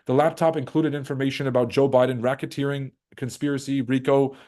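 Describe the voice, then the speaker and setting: A man with a dark, mellow voice rants on a trading livestream. He swears freely and runs on in loose, casual commentary. He mocks other people by putting on voices. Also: medium pitch, fairly quick. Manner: profane, animated, mocks others in put-on voices. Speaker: livestream host.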